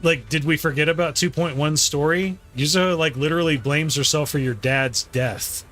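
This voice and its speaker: A man's voice: on the high side, moderate pace, a bit bright, soft background music. A young man streaming a game, giving crude, sarcastic, joking commentary. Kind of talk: casual gameplay commentary.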